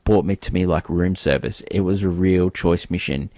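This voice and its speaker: A brooding, hard-bitten army captain, as a man reads him out in a low, slow voice. The delivery is heavy and unhurried. The recording is dry and close. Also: dark tone, no echo, close to an everyday voice.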